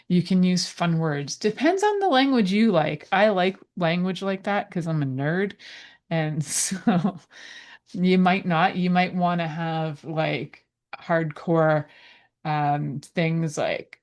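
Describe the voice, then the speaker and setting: Low-voiced woman chatting playfully. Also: takes it slowly, a little mellow. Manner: chatty, playful, rambling asides. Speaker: podcast host. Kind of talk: casual advice talk.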